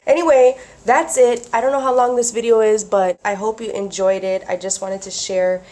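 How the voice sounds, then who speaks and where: A woman vlogging about craft mail, gushing and excitable, with gasps, whispers and squeals. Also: a little high, normal speed. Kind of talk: casual chat to camera.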